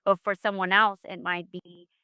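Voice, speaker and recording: Smooth-voiced mother telling her story. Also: mid-range voice, little pitch movement, moderate pace, sharp tone, no room sound, clean studio sound. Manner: earnest, faith-filled storytelling. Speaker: guest, mother of an autistic son. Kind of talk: heartfelt podcast interview.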